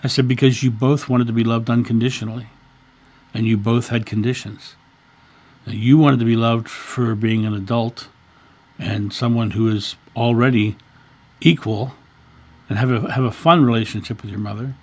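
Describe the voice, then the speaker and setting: A man's voice: mid-range voice, steady tone, normal speed. A man in his fifties, a channel host, earnestly telling a story in a casual monologue and often repeating words. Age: 50s.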